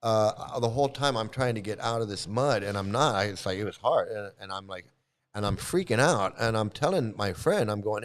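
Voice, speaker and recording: A man casually telling a personal story, halting often and repeating his phrases as he restarts. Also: lowish voice. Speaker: vlogger recounting past experiences.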